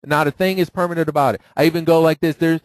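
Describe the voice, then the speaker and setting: A man's voice: a little high, quick pace, no room sound, rough recording. A man teaching a live audience who keeps asking rhetorical questions and tagging them with "right?". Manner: lively, acts out phone calls in quoted voices. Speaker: financial seminar speaker.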